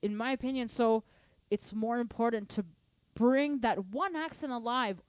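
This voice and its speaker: A woman's voice: fairly high pitch, moderate pace, no room sound. A woman teaching drums in a casual online lesson, explaining at length and singing out counts and rhythms to show accents. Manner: animated, sings rhythms and counts aloud; chatty, long-winded explanations. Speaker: drum teacher.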